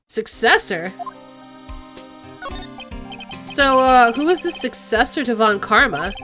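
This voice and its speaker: A woman's voice: a little high, animated, sharp tone, soft background music, full character voice. Woman voicing Phoenix, a wry young lawyer. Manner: wry and quick to exclaim. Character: young male defense lawyer, anxious and sarcastic. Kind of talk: voicing video game dialogue.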